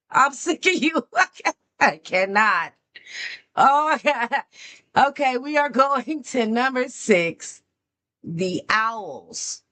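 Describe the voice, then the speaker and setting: A woman hosting a music reaction, commenting in an excitable, exclamatory way and talking straight to her viewers. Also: a little high, very slow, pauses often.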